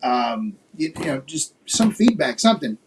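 A man's voice: a little high, sing-song, moderate pace, background noise. A man from Florida hosting a casual podcast chat, asking loose, rambling questions with lots of fillers. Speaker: podcast host.

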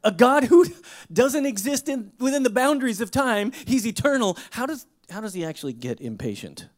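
A man preaching a sermon in a conversational way, full of rhetorical questions, with emphatic bursts that drop into hushed low asides. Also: big pitch swings, moderate pace. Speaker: pastor.

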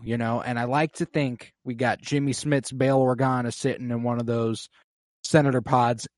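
Guy casually recapping a tv episode, swears a lot, mid pitch, dry sound. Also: no room sound. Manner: animated, swearing, acts out quoted lines. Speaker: podcast co-host.

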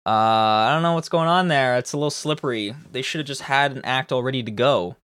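A man's voice: medium pitch, fairly quick, a bit bright, clear, resonant tone, no room sound, clean studio sound. A young man hosting a political commentary show, ranting in a profane, exasperated, sarcastic way. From Canada.

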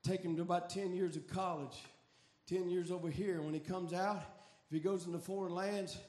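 A man preaching a fiery revival sermon, shouting in a chanting cadence. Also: high voice, fairly even intonation, moderate pace.

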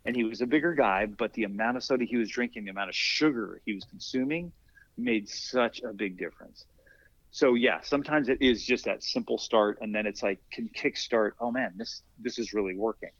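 An older man, a masters athlete and former firefighter, telling stories in a relaxed interview and acting out the dialogue he quotes. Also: mid-range voice, fairly quick, no room sound. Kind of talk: casual storytelling in an interview. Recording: dry, dull lo-fi podcast audio.

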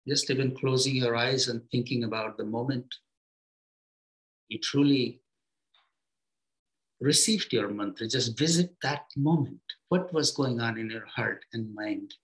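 Teaching his students on the spiritual path, a man speaks in a gentle, middle-pitched voice over poor audio. He offers short phrases one at a time with pauses in between, relying on simple everyday comparisons to keep things encouraging.

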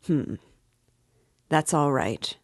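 A woman voicing a brooding, feverish young man in an audiobook reading, with a slow, uneasy, halting delivery. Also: sits low, animated, husky, dry recording, studio quality, full character voice.

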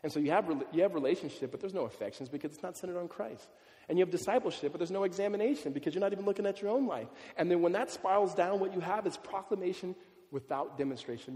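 A man's voice: on the high side, darkish tone, big-room sound. A man preaching a sermon in a loose, conversational way, often asking "right?" and repeating words as he goes. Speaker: pastor.

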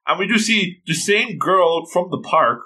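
A man casually retelling an anime episode, animated and slipping into quoted lines. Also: sits high, measured pace. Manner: animated, quoting characters in passing. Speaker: anime recap commentator.

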